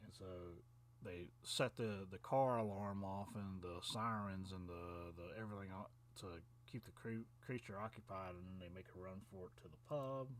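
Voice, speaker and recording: A man's voice: sits low, normal speed. A man who reviews films, recapping a movie in a rambling, casual way with lots of fillers and chuckles. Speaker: film reviewer.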